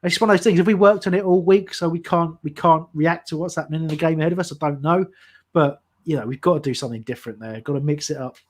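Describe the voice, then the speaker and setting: A man's voice: a little high, fast talker. Man calling a football match live, chatty. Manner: chatty, thinking aloud with many restarts. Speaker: co-host of fan watch-along. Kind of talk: live football commentary and analysis.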